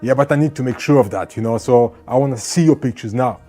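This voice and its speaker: A man's voice: mid-range voice, quick pace, mellow, soft background music, lightly acted. A man quoting an insistent police officer. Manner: pushy, demanding.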